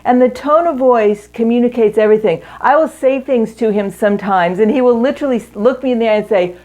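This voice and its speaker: A middle-aged woman giving an earnest teaching talk to women in a marriage seminar, speaking in measured phrases with pauses. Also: fairly high pitch, warm tone.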